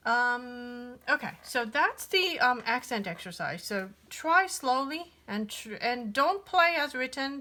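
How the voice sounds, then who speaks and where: A woman's voice: mid-range voice, sharp tone. A woman giving a casual piano lesson, thinking aloud with many fillers and restarts. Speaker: piano teacher.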